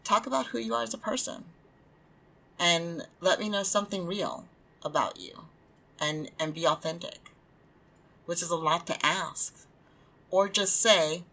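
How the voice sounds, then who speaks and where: Chatty low-voiced woman podcast host. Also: normal speed, a bit bright. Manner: candid, chatty, venting with frequent "like" fillers. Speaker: podcast host and small press publisher. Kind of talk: casual solo podcast talk.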